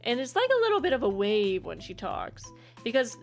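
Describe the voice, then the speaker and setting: A woman's voice: fairly high pitch, big pitch swings, brisk, faint music behind. Chatty woman game streamer. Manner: chatty, giggly, explains her character voices. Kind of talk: casual chat while playing.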